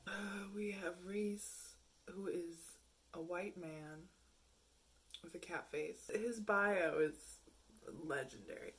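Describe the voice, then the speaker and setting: A woman's voice: mid-range voice, slow pace, breathy edge. A young woman vlogging casually, telling frank, profane stories and mocking messages with bursts of laughter. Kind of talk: casual storytelling to camera.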